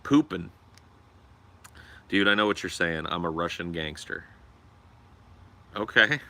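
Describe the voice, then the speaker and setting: A young man with a very low voice and a hard, forceful edge chats casually on a livestream. He is crude and profane, joking his way along. His delivery stays loose and unscripted. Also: normal speed. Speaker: livestream host.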